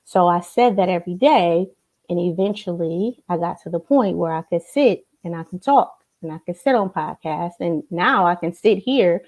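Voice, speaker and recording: Warm-voiced woman coaching with emphasis. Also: lowish voice, a little slow. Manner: emphatic, frequent tag questions. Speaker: life coach. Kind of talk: motivational talk to camera. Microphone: computer camera.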